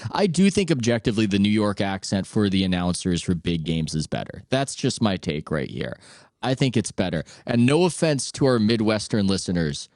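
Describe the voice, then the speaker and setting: A man with a lowish voice hosting a podcast, opinionated and quick to joke in casual chat. His voice is recorded close and dry. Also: a little mellow, no echo. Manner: opinionated, joking. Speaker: podcast host.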